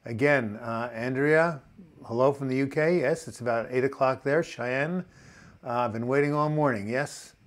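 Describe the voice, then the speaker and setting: A man's voice: mid-range voice, normal speed. An older man with a New York accent hosts a casual live chat, reading viewer comments aloud and telling corny jokes. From New York City.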